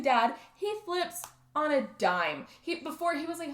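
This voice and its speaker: Woman podcaster recapping a film, kinda high voice, does all the character lines, echoey room. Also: big pitch swings. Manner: chatty, acts out characters' lines in quick bursts. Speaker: podcast co-host. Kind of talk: casual movie recap chat.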